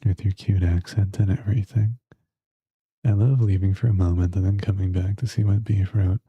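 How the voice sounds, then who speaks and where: A man's voice: sits low, steady tone, moderate pace, breathy edge, dry recording. A man streaming a game and chatting with viewers, crude and teasing. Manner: crude, teasing banter with chat. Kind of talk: casual gaming stream chat. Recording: dull lo-fi stream audio.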